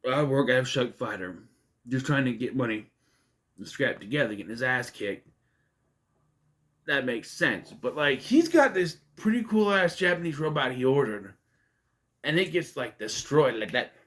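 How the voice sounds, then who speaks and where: A man's voice: mid-range voice, sing-song, moderate pace, fairly bright tone. A man casually reviewing a movie, rambling and conversational with many fillers and restarts. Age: adult.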